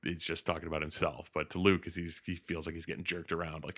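A man's voice: deep voice, fast talker. A man hosting a podcast, animatedly recapping a film with swearing and laughter, slipping in voices. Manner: animated, profane, laughing storyteller. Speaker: podcast host.

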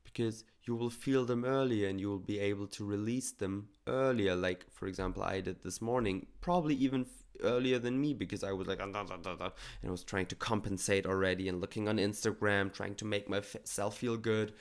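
Low gravelly man, calm coaching talk. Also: a little fast, few pauses. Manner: calm, earnest, coaching tone with casual swearing. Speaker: podcast host. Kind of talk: reflective solo podcast talk.

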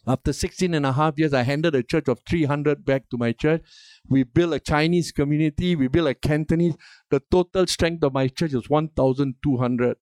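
A man's voice: on the high side, normal speed, a little mellow, dry recording, clean studio sound. An older man preaching a sermon as a pastor, emphatic and asking the congregation questions for response.

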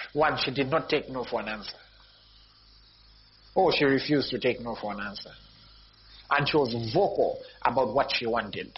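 Man, pastor, animated sermon, repeats phrases, dull lo-fi sound. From Zambia. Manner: animated preaching, repeats phrases, sudden rises in pitch and volume. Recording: dull lo-fi recording with faint noise.

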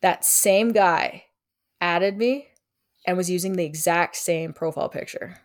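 A young woman tells a story on a casual chat show, slipping into quick impressions of the people in it. Her voice sits low for a woman, and she curses freely as she goes. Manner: animated, acts out quotes of others. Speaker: guest storyteller. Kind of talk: casual storytelling with heavy swearing.

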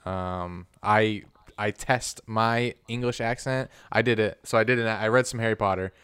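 A man co-hosting a podcast, talking in a relaxed, rambling way full of slang. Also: on the low side, moderate pace, clear, resonant tone, dry recording. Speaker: podcast co-host. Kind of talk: casual podcast chat.

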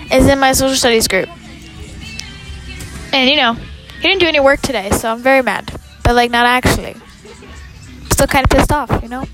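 A teenage girl on a bus, chatting casually as a student podcast co-host in a sarcastic, complaining, profane way. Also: high-pitched. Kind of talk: casual chat.

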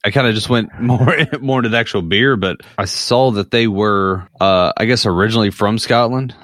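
A man's voice: lowish voice, moderate pace, a bit bright, no room sound, studio quality. A man co-hosting a podcast in casual chat, rambling with fillers and laughing often. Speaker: podcast co-host.

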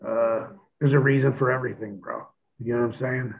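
A man's voice: mid-range voice, fairly quick, creaky. A man, a former pro wrestler, chatting as a guest and telling stories with a lot of swearing, acting out what he said back then. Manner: profane, animated storytelling, acts out his own past lines. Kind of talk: casual podcast chat. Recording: tinny phone line.

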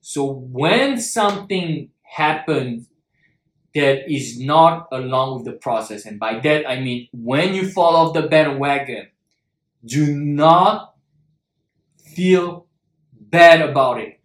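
A man speaks in an earnest self-help coaching voice and hammers key words through repetition. His voice sits a little high for a man. The sound rings with a roomy echo. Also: expressive, slow. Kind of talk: motivational talk to viewers.

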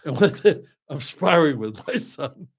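A man's voice: fairly high pitch, measured pace, creaky, breathy edge. Older man telling stories with laughter. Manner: animated, laughs often, swears freely. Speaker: podcast guest. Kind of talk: casual storytelling.

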